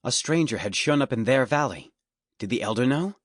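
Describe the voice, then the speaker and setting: The clip is scripted fantasy audiobook narration by a man with a medium-pitched voice and a calm, even storytelling delivery. It was recorded on a studio microphone, clean and free of room sound.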